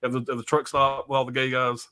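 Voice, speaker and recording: A man talking quickly in a middle register as he hosts a live stream. His chat is loose and rambling, full of swearing and fillers. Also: medium pitch, monotone, sharp tone, smooth. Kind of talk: casual chat about films.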